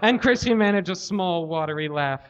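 A man hosting a comedy podcast, giving a deadpan live reading of a story. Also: sits high, normal speed. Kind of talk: live reading of fan fiction. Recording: lo-fi live recording.

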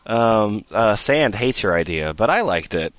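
A man hosting a loose comedy podcast, his bright voice swinging widely in pitch. He stops often for ums and uhs while he steers the chat. The sound is close and dry. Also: big pitch swings, a little slow, dry recording. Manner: hesitant, many ums and uhs. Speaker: podcast host.

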